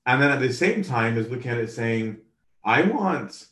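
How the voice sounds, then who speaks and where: A man's voice: mid-range voice, lively intonation, brisk, a bit bright. A man preaching a sermon in a casual, conversational way. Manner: casual, conversational, acts out quoted voices. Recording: roomy, from a distance.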